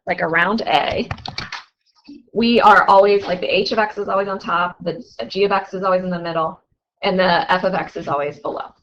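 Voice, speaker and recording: A woman's voice: medium pitch, fairly bright tone, dull audio, slight background noise. A young woman teaching a math class, chatty and often asking her students questions. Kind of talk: classroom lecture.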